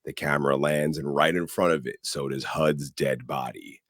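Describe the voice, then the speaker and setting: A co-host of a casual podcast, whose voice is extremely deep, recaps a film at a moderate pace, narrating animatedly and adding sound words for effect. He's recorded dry and close, with no room sound.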